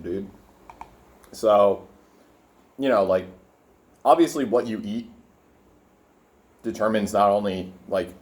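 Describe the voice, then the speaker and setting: Low-voiced young man rambling while eating. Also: a little mellow. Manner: rambling, profane, filler-heavy, talking while eating. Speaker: vlogger. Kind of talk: casual food vlog with rant. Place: his room indoors.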